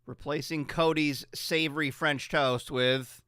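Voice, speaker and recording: A man's voice: on the high side, fairly even intonation, a little slow, bright, forceful tone, clear, resonant tone, no room sound, clean studio sound. A man hosting a radio show, talking in a loose, profane, rambling and jokey way. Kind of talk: casual chat on a morning radio show. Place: radio studio.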